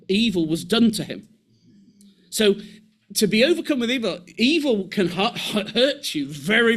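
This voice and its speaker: Male preacher, high voice that swings widely, animated, acts out voices, restarts phrases. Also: slightly rough. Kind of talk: sermon.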